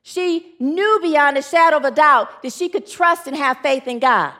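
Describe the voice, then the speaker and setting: This woman preaches in a high, pushed, bright voice at a moderate pace, sounding animated. Using call and response with the congregation, she tells earnest stories and acts out what people said.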